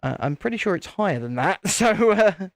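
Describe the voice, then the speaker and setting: A man's voice: high voice, very animated, normal speed, no echo, clean studio sound. A British man casually chatting and rambling with jokes while hosting a live building stream. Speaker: livestream host.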